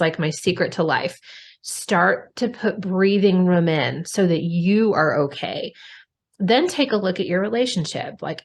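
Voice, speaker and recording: Woman host, candid and expressive, lower-pitched, casual swearing. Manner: frank and expressive, swears casually, addresses listeners directly. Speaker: podcast host. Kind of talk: candid conversational podcast talk.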